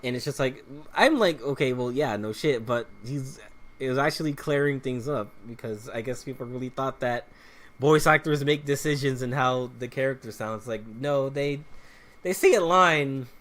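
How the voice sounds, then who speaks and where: A man's voice: mid-range voice, normal speed, fairly bright tone. A man giving casual commentary while playing a video game, rambling loosely with restarts and muttered asides about what he is playing. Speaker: let's play commentator.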